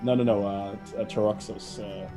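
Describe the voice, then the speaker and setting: A man's voice: on the low side, fairly even intonation, moderate pace, over music, poor audio. A man running a tabletop role-playing session, chatting loosely with players and restarting his sentences often. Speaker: game master. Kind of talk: casual tabletop game chat.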